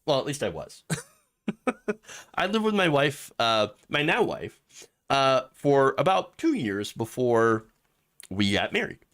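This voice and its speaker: A man's voice: medium pitch, slow, pauses often. Sarcastic man hosting political commentary. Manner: sarcastic, animated, laughs at his own jokes. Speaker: host.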